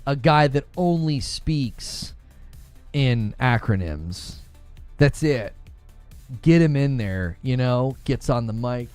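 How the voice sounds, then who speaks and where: A man's voice: mid-range voice, lively intonation, slow, darkish tone, dry recording, soft background music. A man hosting a gaming live stream, chatting casually, reading viewer comments and laughing often as he riffs on jokes.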